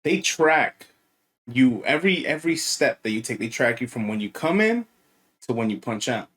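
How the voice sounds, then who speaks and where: Easygoing man, mid-pitch rambling chat. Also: moderate pace. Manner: relaxed, rambling, fillers like "you know what I mean". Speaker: podcast co-host. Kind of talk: casual chat.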